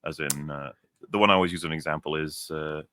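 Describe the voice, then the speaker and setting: A man's voice: rumbling low, fairly even intonation, fast, pushed and bright, dry recording. A man from South Wales with a mild Welsh accent, chatting casually as co-host and telling stories with a laugh. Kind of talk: casual chat.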